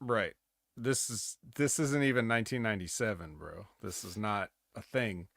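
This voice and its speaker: A man's voice: on the low side, moderate pace, creaky, fairly bright tone, no echo, clean studio sound. A man co-hosting a podcast, recapping wrestling in a rambling, jokey way and slipping into mock promo voices. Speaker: podcast co-host. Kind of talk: casual wrestling recap chat.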